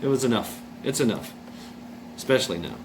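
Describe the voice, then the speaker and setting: A man at an ordinary pitch tells a personal story in a loose, wandering way. He circles back, repeats phrases and curses without much thought. Behind him an air conditioner hums loudly through the recording. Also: lively intonation, brisk. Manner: rambling, repeats himself, many uh's and restarts; blunt, swears freely. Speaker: vlogger. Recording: noisy room with air conditioner hum. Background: air conditioning hum.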